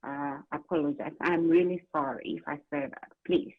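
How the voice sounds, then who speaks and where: A woman's voice: low voice, big pitch swings, normal speed, vocal fry. A woman calling into a radio show, speaking hesitantly and apologetically. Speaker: caller. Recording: muffled phone line.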